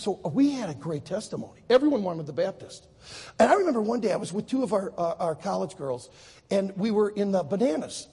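A man preaching a sermon to high school students, telling a story with lively acted voices. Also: a little fast, breathy edge, in a large hall. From United States. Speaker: Baptist preacher.

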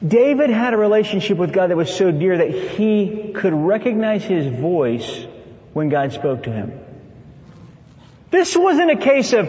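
Guy preaching, voice jumps all over, pretty high, playful jokes, dull sound with long hall reverb. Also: a little slow. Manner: animated, playful asides. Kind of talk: sermon.

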